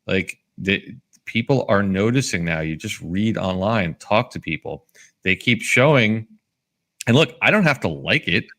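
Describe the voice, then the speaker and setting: A man's voice: lowish voice, animated, a bit bright. A man from the United States who hosts a talk show, speaking earnestly in casual discussion and agreeing with his guest. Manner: earnest, agreeing, quick to jump in. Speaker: show host.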